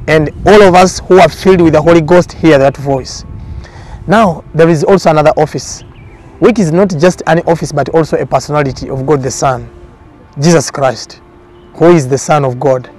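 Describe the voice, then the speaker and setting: A man's voice: fairly high pitch, a little mellow. A man speaking as a prophet in a documentary interview, giving testimony in an earnest, repetitive preaching cadence.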